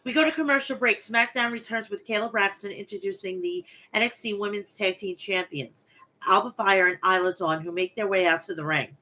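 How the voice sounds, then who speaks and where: A woman hosting a wrestling recap podcast, recapping matches and breaking into profane, animated rants. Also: medium pitch, a little fast. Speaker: podcast host.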